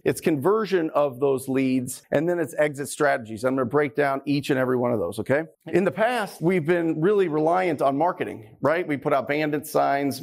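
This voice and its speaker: A man giving an energetic motivational talk on real estate investing, driving his points home with repetition. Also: fairly high pitch, creaky. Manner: energetic, emphatic, repeats key phrases.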